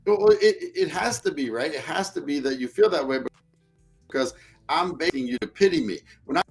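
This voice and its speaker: A man with a slightly high voice coaches listeners on leadership in a blunt, emphatic way. He swears freely and sometimes sinks into a droopy, whining voice to mock an apology. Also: expressive, fairly quick, creaky, soft background music. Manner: acts out whiny apologies in a droopy voice. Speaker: leadership podcast host. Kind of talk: casual coaching talk.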